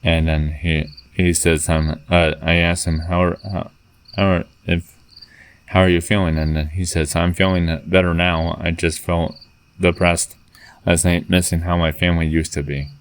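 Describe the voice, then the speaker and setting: A man with a very low voice tells a long story to camera in a casual vlog. His delivery is earnest and rambling, with a flat tone that barely rises or falls, and he stops and restarts often as he retells it. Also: moderate pace, a little hiss or hum. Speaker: vlogger. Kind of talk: casual spoken retelling of a text chat.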